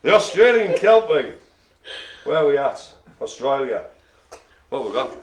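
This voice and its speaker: A man's voice: medium pitch, big pitch swings, measured pace. A man calling bingo as host, joking and laughing through playful banter. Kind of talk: jokey live bingo calling.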